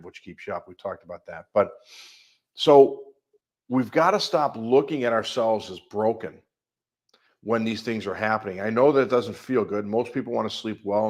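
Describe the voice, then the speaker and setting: Man, middle-aged, Midwestern accent, life coach, fairly low voice, emphatic, rattles off long lists. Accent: Midwestern American. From American Midwest. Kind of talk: coaching call talk.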